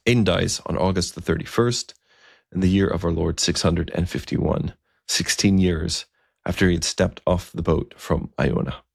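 Low gravelly male storyteller. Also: steady tone, normal speed, dry recording, clean studio sound. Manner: conversational, occasional fillers. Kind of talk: storytelling narration.

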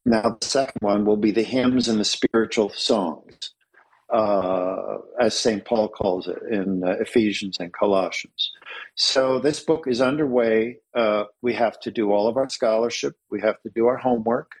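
A man with a husky, slightly breathy voice talks in an earnest, measured way. He often slows down to press a point home, with plenty of pauses and fillers along the way. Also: fairly low pitch, low-quality recording. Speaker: interview guest, Orthodox clergy author. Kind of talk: thoughtful conversational interview.

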